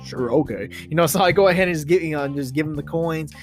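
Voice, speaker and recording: High-voiced guy rambling thru a made-up story on his podcast, laughs at himself, faint music. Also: fairly even intonation, very fast. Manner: rambling, self-amused, many restarts. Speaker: podcast host. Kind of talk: improvised storytelling.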